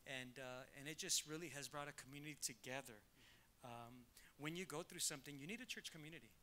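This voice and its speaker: A man's voice: fairly high pitch, fast, bright, forceful tone, slight background noise. A man, a pastor, speaking to his congregation in an emphatic preacherly way, repeating points for stress. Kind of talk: talk to a congregation.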